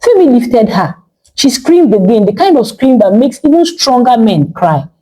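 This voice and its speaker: A woman's voice: fairly high pitch, big pitch swings, normal speed, dark tone, low-quality recording. A woman narrating a dramatic story with emotive delivery.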